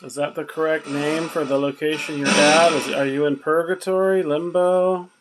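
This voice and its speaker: Man questioning spirits, patient and slow. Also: a little high, steady tone, background noise. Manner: questioning, patient, asks slowly and repeatedly. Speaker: paranormal investigator. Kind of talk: spirit box session.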